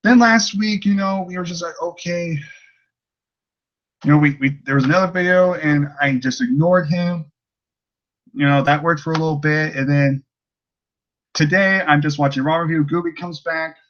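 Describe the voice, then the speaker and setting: A man's voice: a little high, normal speed, fairly bright tone, lo-fi sound. A man ranting in a casual vlog, rambling and exasperated, with many restarts and fillers. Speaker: YouTuber ranting about a commenter.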